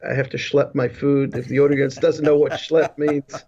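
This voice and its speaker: Through dull lo-fi call audio, a male guest who works as a business leadership consultant recounts his life in a rambling way, restarting often and adding asides. His voice is mid-range and dark, with a flat delivery at a moderate pace.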